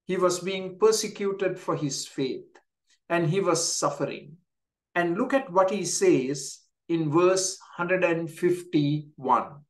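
A male pastor giving a daily devotional sermon, speaking deliberately and repeating key phrases for emphasis. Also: high-pitched, animated. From Canada.

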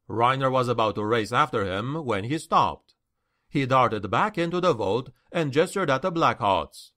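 Reading a fantasy novel aloud, a male audiobook narrator tells the story expressively in a mid-range voice.

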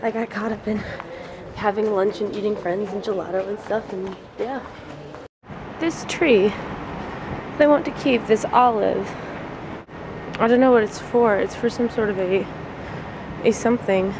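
A woman's voice: mid-range voice, measured pace, long pauses. Chatty young woman vlogging outdoors. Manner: chatty and excitable, narrating as she walks. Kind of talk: casual travel vlog narration. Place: city streets and gardens outdoors. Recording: handheld camera outdoors with loud street noise.

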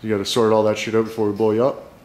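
A man's voice: on the low side, little pitch movement, rapid-fire, darkish tone, slight background noise. A young man vlogging while he works in a workshop, rambling, joking and swearing constantly. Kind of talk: profane casual chat while working.

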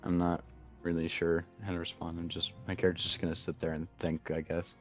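A tabletop player with a very low male voice speaks softly and with some hesitation. The mic sounds a little dull and lo-fi, and faint music plays behind him. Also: monotone, fairly quick. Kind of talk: casual tabletop game chat.

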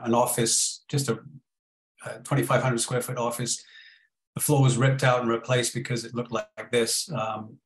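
A man's voice: mid-range voice, reverberant, poor audio. Man telling a story casually on a panel. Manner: relaxed storytelling with fillers. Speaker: webinar panelist. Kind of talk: casual chat.

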